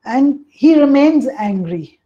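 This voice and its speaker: A woman coach presents a webinar on emotions over a call, explaining at length and often saying "you know" and "hey, listen." Her voice sits high and sounds expressive and dark in tone, and she speaks slowly. The audio is dull.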